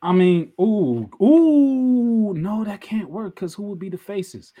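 A man's voice: sits high, animated, unhurried, breathy edge, phone-quality sound. A man co-hosting a casual wrestling podcast, playful and joking, laughing often. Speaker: podcast co-host.

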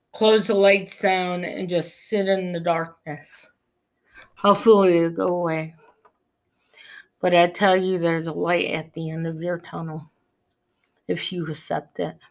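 Slow, earnest woman sharing faith testimony. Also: on the low side. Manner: earnest, preachy, slow and deliberate.

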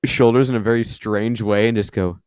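A young man co-hosting a podcast in casual chat, laughing a lot and jumping in with animated remarks. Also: lowish voice, brisk, clean tone, no echo, clean studio sound. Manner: giggly, animated interjections. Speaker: podcast co-host.

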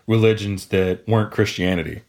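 A man's voice: fairly low pitch, fairly quick. A young man co-hosting a podcast, casually telling a long story with plenty of swearing and quoted voices. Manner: profane, animated retelling with quoted voices. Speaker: podcast co-host.

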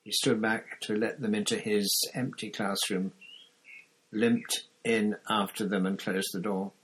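A man narrating a novel aloud in steady, scripted storytelling. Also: fairly low pitch, unhurried, a little hiss or hum, rough recording. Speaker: audiobook narrator.

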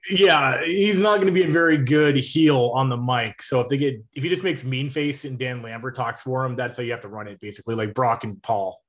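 A man's voice: mid-range voice, brisk, few pauses, a bit bright. A man co-hosting a casual wrestling podcast, making short, blunt remarks.

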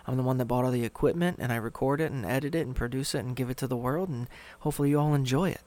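A man's voice: medium pitch, very fast, darkish tone. A man hosting a solo podcast into a studio microphone, casual, rambling and sarcastic. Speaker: podcast host.

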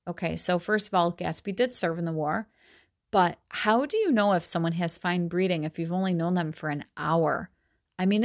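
A woman's voice: lowish voice, no echo, studio quality. Chatty woman reading a novel aloud. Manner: chatty, many ums and likes in asides. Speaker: book study podcaster. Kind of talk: reading aloud with casual commentary.

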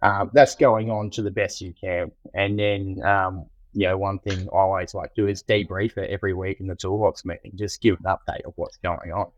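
Deep-voiced Australian man, loose chat. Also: flat delivery, brisk, few pauses, no room sound, lo-fi sound. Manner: loose and conversational, many fillers and restarts. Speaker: general manager of a trade business. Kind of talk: casual podcast chat.

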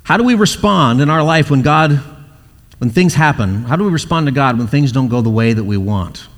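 A man's voice: mid-range voice, lively intonation, fairly quick, in a large hall. A male pastor preaching a sermon, telling stories and acting out the quoted voices in them.

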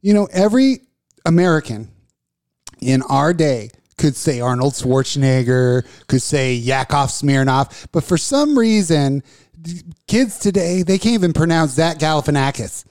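A man's voice: fairly high pitch, expressive, unhurried, darkish tone, no room sound, studio quality. A middle-aged man co-hosting a comedy radio talk show, ranting and joking with plenty of profanity. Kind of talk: casual comedic chat.

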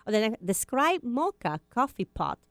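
A woman's voice: a little high, very animated, normal speed, fairly bright tone, no room sound, soft background music. Giggly co-host lady, voice all over the place, dry mic. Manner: laughs often, playful, slightly broken English. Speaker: radio co-host. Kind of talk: casual radio chat.

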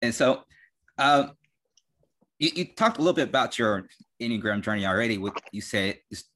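A man's voice: mid-range voice, animated, a little fast, pushed and bright. Guy hosting a podcast, rambly, stumbles over words, says like a lot. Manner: chatty, hesitant with many "like"s and repeats. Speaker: podcast host. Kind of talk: casual podcast conversation.

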